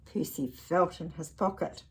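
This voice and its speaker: Slow, breathy woman reading a story. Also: fairly low pitch. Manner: gentle, asks the listener questions. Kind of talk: reading a picture book aloud to children.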